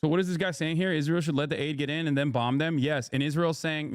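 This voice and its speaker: A man's voice: on the high side, fairly even intonation, fast, smooth, no echo, clean studio sound. Blunt, sarcastic man streaming commentary. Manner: blunt, sarcastic, swears freely, rambles with restarts. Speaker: streamer reacting to news clips. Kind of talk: casual livestream commentary.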